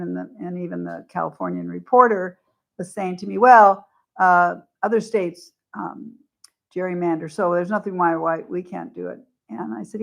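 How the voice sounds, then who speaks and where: A woman's voice: fairly low pitch, vocal fry. A woman candidate, a guest on a radio talk show, explaining her views in conversational talk. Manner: conversational, explains at length with restarts. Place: radio studio.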